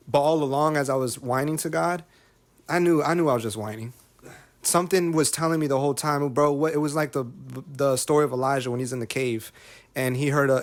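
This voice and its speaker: A man in his thirties talking candidly as a podcast guest, emotional and preachy, often repeating phrases. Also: a little high. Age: 30s. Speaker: guest, rapper and content creator.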